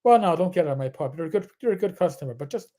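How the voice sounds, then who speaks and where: A man's voice: on the high side, expressive, very fast, mellow. A man voicing a fiery Irish woman who owns a pub. She scolds bluntly and swears heavily, with an Irish accent. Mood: scolding.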